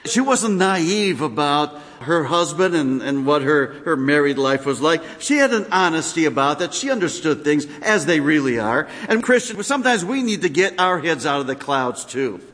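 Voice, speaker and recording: A man preaching a sermon as pastor, animated, with sudden drops into quiet, personal asides. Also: on the high side, normal speed, hardly any pauses. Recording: long hall reverb.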